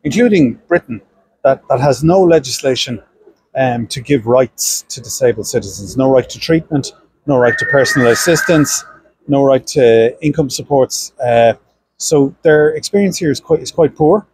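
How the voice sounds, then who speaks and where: A man's voice: mid-range voice, lively intonation, moderate pace, darkish tone, husky, poor audio. A middle-aged Irish man, a senator, speaking earnestly in an interview with frequent restarts and fillers. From Ireland. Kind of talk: political interview.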